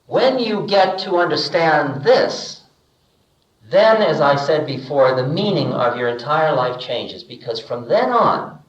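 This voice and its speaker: A man's voice: fairly high pitch, slow pace. Older man giving a spiritual talk, echoey. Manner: relaxed storytelling, acting out dialogue with humor. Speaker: spiritual teacher. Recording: dull echoey archival lecture recording.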